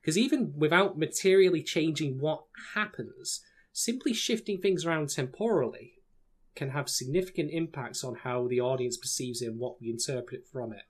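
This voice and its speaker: Measured podcast co-host man. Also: on the high side. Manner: measured, teasing, addresses listeners as folks. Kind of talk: casual podcast chat.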